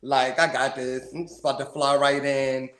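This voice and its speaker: A man's voice: medium pitch, moderate pace, reverberant. A male comedian telling stories in a casual, slangy, laughing way on a livestream. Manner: animated storyteller, slangy, laughs often. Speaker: touring comedian, guest.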